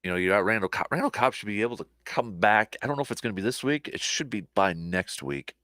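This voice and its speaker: A man hosting a casual sports talk show, rambling and animated, with lots of fillers and restarts, a little short on sleep. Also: on the low side, fast, dry recording, studio quality.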